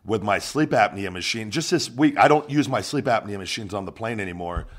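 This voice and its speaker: A man hosting a podcast, telling an animated, profane story in casual chat. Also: lowish voice, a little fast. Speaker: podcast host, former wrestler.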